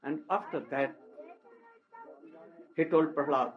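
Slow, high-voiced man telling a sacred story. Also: expressive. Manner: halting, exclamatory storytelling with frequent "oh". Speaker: spiritual teacher. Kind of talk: storytelling sermon. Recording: dull lo-fi recording.

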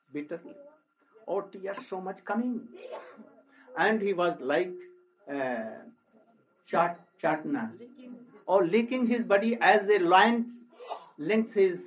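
A man tells a sacred story at a slow, unhurried pace, his voice sitting high for a man. He delivers the sermon in halting phrases and often breaks in with an exclamatory "oh". The recording is dull and lo-fi. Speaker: spiritual teacher.

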